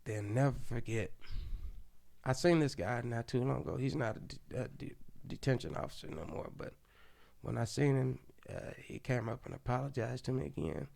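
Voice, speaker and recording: A man from Oklahoma City, a podcast guest, telling a story in casual, animated speech full of slang and profanity. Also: mid-range voice, normal speed, gravelly.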